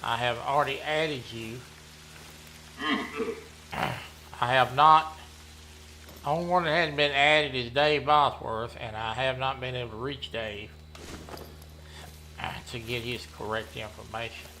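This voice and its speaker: A man, chatting casually while playing a hunting game, rambling and often clearing his throat. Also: mid-range voice, steady tone, a little slow, pauses often, sharp tone, a little hiss or hum. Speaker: gaming streamer running a members' community.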